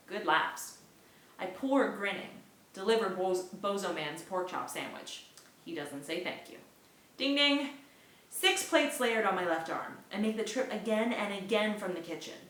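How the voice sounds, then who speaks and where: A woman reads a novel aloud in lively first-person narration, her voice bright and forward. The room gives the voice a clear echo. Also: mid-range voice, moderate pace. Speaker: book reader. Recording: echoey room.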